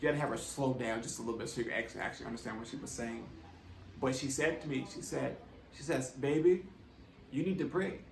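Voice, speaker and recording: A man's voice: medium pitch, fairly even intonation, fast talker, vocal fry, roomy sound, recorded from a distance, slight background noise, low-quality recording. A man earnestly telling a personal testimony in a conversational way, often checking in with his listeners. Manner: earnest, conversational, tags with "right?". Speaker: vlogger.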